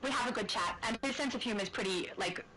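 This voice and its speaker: A woman's voice: fairly high pitch, quick pace, low-quality recording. A woman with an Australian accent chatting casually as a guest on a gaming livestream, laughing often between remarks, over a voice call. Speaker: guest streamer. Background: game music playing loudly.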